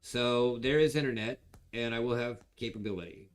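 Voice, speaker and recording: A man's voice: mid-range voice, moderate pace. A man hosting a livestream auction, chatting casually with viewers and telling rambling stories.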